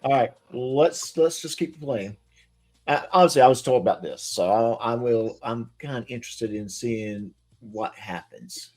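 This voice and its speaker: A man's voice: medium pitch, unhurried, a little mellow. A man hosting a live-stream commentary show, chatty and hesitant, with many restarts. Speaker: host.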